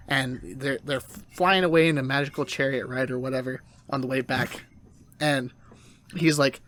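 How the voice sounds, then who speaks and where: A man's voice: medium pitch, fairly quick. A man hosting a casual podcast, retelling an anime episode with goofy put-on voices. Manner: animated retelling with silly voices. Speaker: podcast host.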